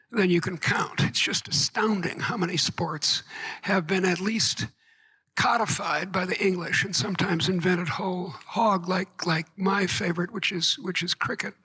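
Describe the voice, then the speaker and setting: A woman's voice: mid-range voice, pushed and bright, husky, poor audio. A woman giving a conference keynote lecture to a live audience, wry and digressive, with joking asides. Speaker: keynote speaker.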